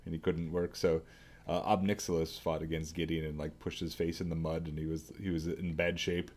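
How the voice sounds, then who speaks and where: Very deep-voiced woman, deadpan. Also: fairly quick. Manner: laid-back, deadpan jokes. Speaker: podcast co-host. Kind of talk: casual chat.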